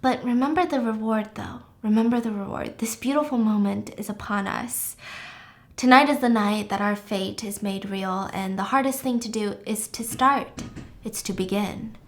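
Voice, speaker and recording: A woman voicing a male cult leader who gives a soft, slow, persuasive speech. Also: mid-range voice, lightly acted. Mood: hypnotic. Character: calm cult leader, a man giving a soft sermon.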